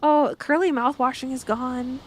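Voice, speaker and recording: A high-pitched young woman talks through a game in loose, rambling commentary. She giggles, swears casually and lets out squeals. A faint hiss sits under the recording. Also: steady tone, a little slow. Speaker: streamer.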